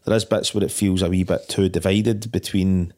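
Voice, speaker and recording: Sweary low-voiced Scottish man. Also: steady tone, normal speed, a little mellow. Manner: blunt, sweary, agreeable. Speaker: podcast co-host. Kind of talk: casual film chat.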